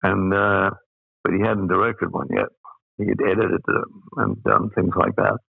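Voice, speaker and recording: Gravelly older man on a tinny line. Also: deep voice, fairly even intonation, unhurried, no room sound. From Australia. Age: 80s. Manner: rambling, chuckling through his own stories. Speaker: guest. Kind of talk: anecdotal storytelling. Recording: tinny phone-like line, dry.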